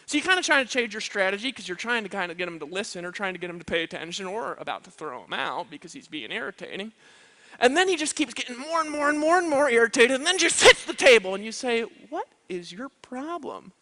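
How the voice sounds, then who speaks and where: Animated high-voiced male seminar speaker. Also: fast. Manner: emphatic, repeats "right?" and "you know what I mean?". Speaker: motivational speaker. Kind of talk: live seminar speech. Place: event stage.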